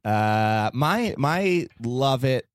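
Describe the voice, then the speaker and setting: Male podcast host, casual and giggly, mid-pitch, dry close recording. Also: lively intonation, drawn-out words, no room sound. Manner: laughs often while retelling scenes. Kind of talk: casual chat.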